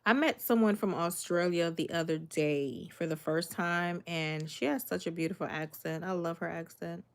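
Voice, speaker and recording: A woman's voice: fairly low pitch, normal speed. A young woman from Miami chatting casually on a livestream, reading comments and greeting viewers by name in a laid-back, sassy way. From Miami, Florida. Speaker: livestreaming cooking creator.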